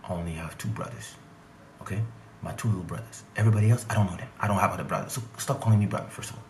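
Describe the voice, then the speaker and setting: Congolese-born guy doing a storytime vlog, animated, roomy echo. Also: deep voice, racing, a little hiss or hum. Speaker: vlogger and singer. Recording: echoey room.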